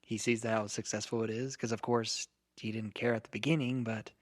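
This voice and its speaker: A man acting as dungeon master, explaining the story in a calm, measured way. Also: fairly low pitch. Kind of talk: tabletop game narration.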